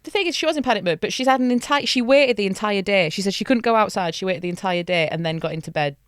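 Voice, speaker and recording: A woman's voice: mid-range voice, quick pace, clear, resonant tone, no echo, studio quality. A woman co-hosting a podcast, chatting casually and reading a fairy tale aloud, joking and laughing often. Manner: jokey, laughs often, puts on voices for characters. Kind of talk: casual chat and storybook reading.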